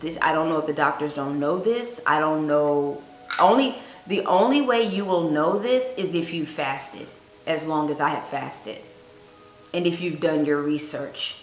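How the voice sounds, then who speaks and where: A woman giving earnest fasting advice on her vlog, telling a personal story and repeating points for emphasis. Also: low voice. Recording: echoey room with faint music.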